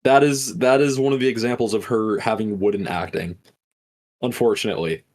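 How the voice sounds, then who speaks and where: A man's voice: lowish voice, steady tone, a little fast. A man hosting a podcast, recapping a film in a casual, swearing storytelling style. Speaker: podcast host.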